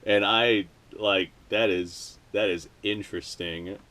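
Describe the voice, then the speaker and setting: A man's voice: on the low side, steady tone, slow pace, very noisy. A man hosting a casual vlog, rambling with lots of filler words, laughing easily and cursing now and then. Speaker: video host.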